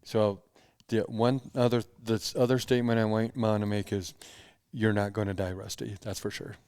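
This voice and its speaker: Podcast cohost, lowish smooth resonant voice, stumbles and restarts a lot. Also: male voice, flat delivery, darkish tone, no echo. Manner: halting, many false starts. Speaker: podcast co-host. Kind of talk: casual chat.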